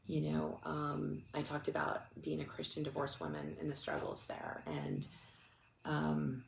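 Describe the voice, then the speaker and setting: A woman's voice: low-pitched, big pitch swings, unhurried, gravelly. A woman ministry speaker telling a story in a casual, chatty way, full of restarts and fillers, and close to tears. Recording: echoey room with faint noise.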